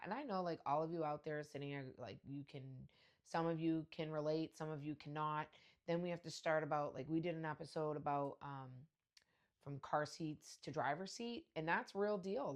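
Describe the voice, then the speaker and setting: A woman in her forties hosting a podcast, telling casual stories in a brash, profane way with frequent laughter. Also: low-pitched. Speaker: podcast host. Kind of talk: casual storytelling monologue.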